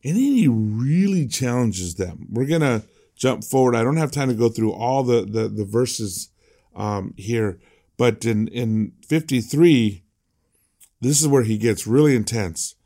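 A man's voice: medium pitch, expressive, measured pace, warm tone. A man preaching a conversational sermon as a pastor, emphatic and prone to repeating words.

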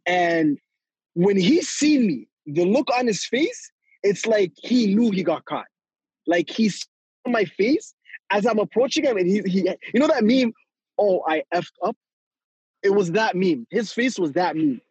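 Young man, high husky voice, animated storyteller who laughs often and acts out the quotes; dry, close sound. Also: measured pace, dry recording, low-quality recording. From Toronto, Canada. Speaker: guest storyteller. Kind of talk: casual podcast storytelling.

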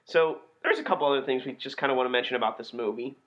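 A young man co-hosting a podcast, chatting casually with an animated, profane delivery. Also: medium pitch, racing. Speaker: podcast co-host reviewing B movies. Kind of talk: casual chat. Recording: dull lo-fi podcast recording.

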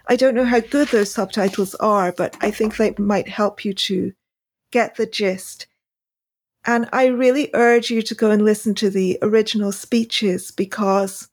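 A woman's voice: mid-range voice, husky. A woman hosting a podcast interview, talking casually and hesitantly with many ums and restarts. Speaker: podcast host; freelance translator.

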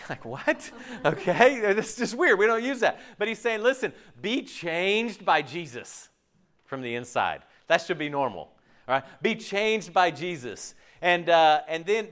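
Pastor, male, fairly high voice, chatty and joking, keeps asking the room questions. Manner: lively, conversational, joking with the congregation; asks the audience frequent questions. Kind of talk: sermon.

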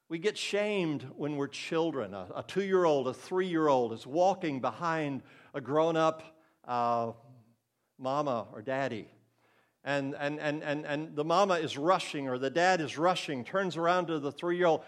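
A man's voice: a little high, animated, unhurried. Older man preaching an earnest sermon. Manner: earnest, conversational, acts out quoted voices.

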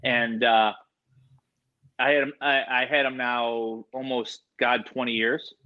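A man telling a rambling, animated story in a casual interview, acting out the voices of people in it. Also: medium pitch, takes it slowly, clear, resonant tone, dull audio. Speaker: animal entertainer guest.

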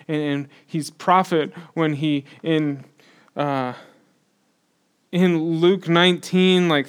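A male pastor delivering a sermon in a relaxed, talky way with a slightly high voice. He rises to loud, emphatic peaks.

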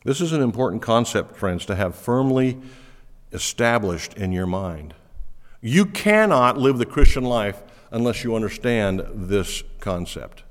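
A man's voice: mid-range voice, in a large hall. A man preaching a sermon as pastor, emphatic and earnest, repeating words as he drives home each point.

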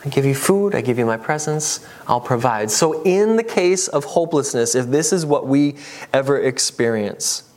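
A man preaching a sermon, reading scripture aloud and lively voicing the people in the passages. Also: fairly high pitch. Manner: animated, voices the characters in the passages he reads. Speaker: pastor.

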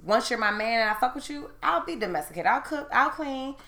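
A brash woman in her thirties, talking loud and cursing freely as she tells a story among friends. Her voice is bright and forceful, and the room around her is echoey. She goes from low and calm to near-shouting when she gets worked up. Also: fairly quick. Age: 30s. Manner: loud, profane and animated, rising to shouts when heated. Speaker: storyteller in a group chat. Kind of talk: casual chat, telling a story.

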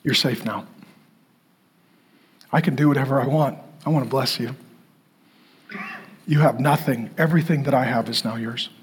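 A man voicing a gentle, strong adoptive father who speaks softly and reassuringly to a rescued child, with a husky voice. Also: mid-range voice, moderate pace, pauses often. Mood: tender. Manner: soft, hushed, reassuring.

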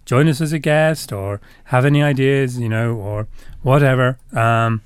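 An Irish man co-hosts a casual podcast and drops in dry, joking asides. His voice is smooth and clear at a middle pitch. The recording is dry and close. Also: unhurried, no echo. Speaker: podcast co-host.

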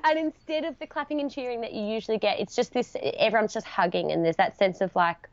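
A woman's voice: medium pitch, brisk, hardly any pauses, darkish tone, no echo, lo-fi sound. A middle-aged woman, a podcast guest, telling an emotional story, tearful at moments and laughing through her words.

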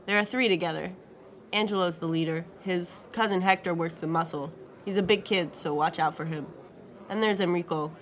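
A man's voice: high voice, moderate pace, a bit bright. A woman voicing an older jailed father with a thick Spanish accent who is fond and teasing and slips into Spanish. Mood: confident.

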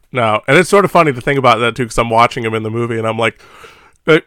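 A man's voice: medium pitch, rapid-fire, sharp tone, smooth, no room sound, studio quality. A man co-hosting a podcast, chatting casually about movies, rambling with frequent laughs. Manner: rambling, laughs often, acts out little dialogues. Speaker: podcast co-host.

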